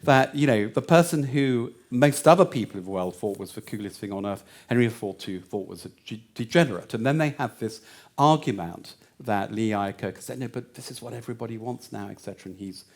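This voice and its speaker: A man's voice: on the low side, a little fast. A man giving a lecture answer, meandering with many fillers and restarts.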